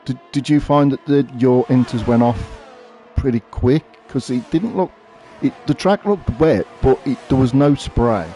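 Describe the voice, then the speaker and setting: A man's voice: medium pitch, normal speed, warm tone. Chatty man commentating a sim race. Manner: chatty, thinks aloud while watching. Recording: faint background noise.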